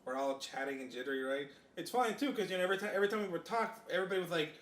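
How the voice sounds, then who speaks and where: Fast-talking man in an echoey room. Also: sits high, a bit bright. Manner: rambling, lots of fillers, laughs while telling stories. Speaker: podcast co-host. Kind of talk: casual chat, storytelling.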